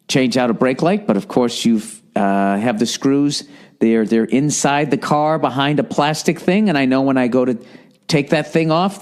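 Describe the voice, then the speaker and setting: A man's voice: medium pitch, darkish tone. A man hosting a podcast alone, ranting in a rambling, sardonic way and swearing often. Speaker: podcast host. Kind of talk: solo podcast rant.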